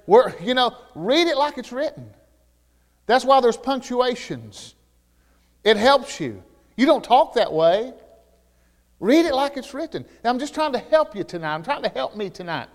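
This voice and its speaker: A male pastor preaching a sermon with passion, sometimes rising to shouts and often restarting his words. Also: high-pitched, animated, normal speed. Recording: long hall reverb.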